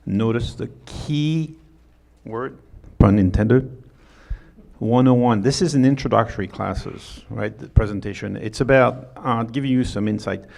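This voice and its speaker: French-accented middle-aged male presenter, gravelly tone, chatty and joking. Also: on the low side, a little slow, a little mellow. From France. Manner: joking, chatty, with many fillers and restarts. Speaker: conference speaker. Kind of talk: conference talk. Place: conference hall.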